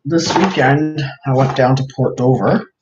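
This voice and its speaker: On a livestream, a craft seller chats casually and rambles with plenty of fillers while showing his work to viewers. His mid-range voice moves a little slowly. The audio is roomy and dull lo-fi with a faint hiss.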